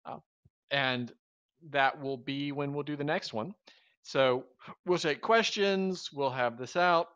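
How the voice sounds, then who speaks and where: A man's voice: a little high, slow pace, fairly bright tone, clear, resonant tone, highs cut off. A man in his thirties from the Southern US, co-hosting a live stream in a wry, rambling, joking way. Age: 30s. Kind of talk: casual live stream chat.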